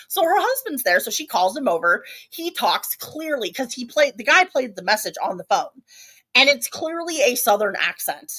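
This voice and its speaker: A woman's voice: on the high side, very animated, normal speed, a bit bright. A woman co-hosting a podcast, telling a story in casual chat with many asides and restarts. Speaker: podcast co-host.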